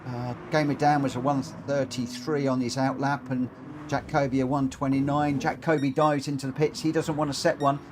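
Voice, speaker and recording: A man hosting and commentating online racing in a chatty, excitable, jokey way over a live stream. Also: mid-range voice, normal speed. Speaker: race commentator and lobby host. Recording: game audio noise behind.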